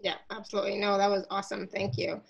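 A woman hosting a live call, reading out viewer comments in a casual, reassuring, chatty way, her throat catching and gravelly. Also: medium pitch, completely flat delivery, quick pace, muffled recording. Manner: reassuring, chatty, with many fillers. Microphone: video call.

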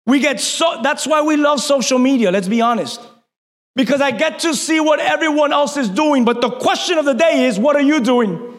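A male pastor preaching a sermon, fervent, building to shouts and then easing down with self-mocking asides. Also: extremely high pitch, expressive, moderate pace. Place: church hall. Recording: long reverb of a large hall.

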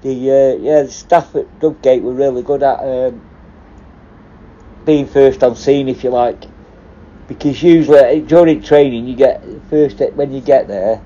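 A man's voice: medium pitch, measured pace, warm tone, lo-fi sound. Sweary man telling prison stories. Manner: sweary, rambling, laughs at his own stories. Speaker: former prison officer and hostage negotiator. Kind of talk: casual storytelling.

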